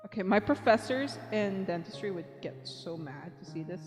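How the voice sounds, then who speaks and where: A woman's voice: mid-range voice, lively intonation, moderate pace. A young woman art streamer chatting casually and cheerfully with her viewers, counting aloud as she draws and giggling often. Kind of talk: casual live-stream chat. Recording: long reverb, faint background music.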